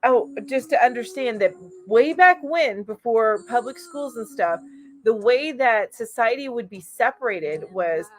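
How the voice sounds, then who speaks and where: A woman's voice: fairly high pitch, animated, a little slow, a little hiss or hum. Chatty woman hosting a live chat. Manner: gushing and chatty, coos over her pet, many fillers. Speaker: host of a weekly crochet live chat. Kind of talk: casual live-stream chat reading viewer comments.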